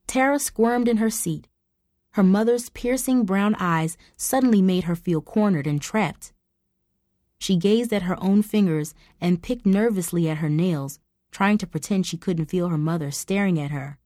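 A woman reading a story aloud as narrator, steady and even. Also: on the low side, unhurried, no echo, clean studio sound.

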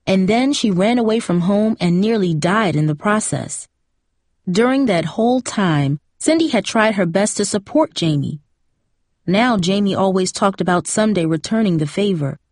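Reading a novel aloud for an audiobook, the narrator keeps her storytelling steady and even. Her mid-range voice moves at a moderate pace in a dry, studio-quality recording of scripted narration.

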